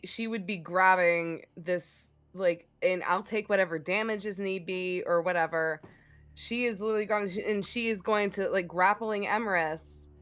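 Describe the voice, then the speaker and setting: A woman playing a tabletop role-playing game, talking in an excited, rambling, profane way. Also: medium pitch. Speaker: player. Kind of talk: tabletop game play, casual chat.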